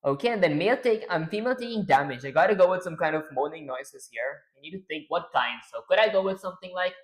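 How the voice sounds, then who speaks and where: A man's voice: a little high, expressive, quick pace. A man on a casual livestream, rambling to himself and to chat as he builds a game. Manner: rambling, talks to himself while working. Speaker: streamer and game developer.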